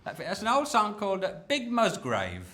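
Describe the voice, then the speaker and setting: A man telling a rambling, deadpan comic story on a live stage between folk songs, forever checking with his partner that he has it right. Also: high voice, normal speed, a crowd in the background. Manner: rambling, deadpan, keeps seeking agreement. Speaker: folk comedy duo performer.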